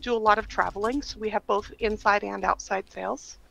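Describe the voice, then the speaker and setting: A woman's voice: mid-range voice, steady tone, fairly quick, creaky, low-quality recording. A woman calling into a live stream, explaining her work in a friendly, casual way. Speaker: caller. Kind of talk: casual conversation.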